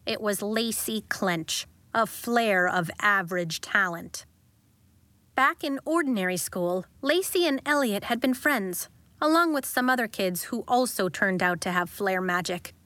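Slow, measured woman audiobook narrator. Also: medium pitch, fairly bright tone, no room sound.

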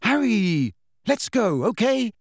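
A man voicing an anxious, insistent teenage girl in a high-pitched, strained voice. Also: sing-song, measured pace, dry recording, clean studio sound, full character voice. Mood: scared, urging.

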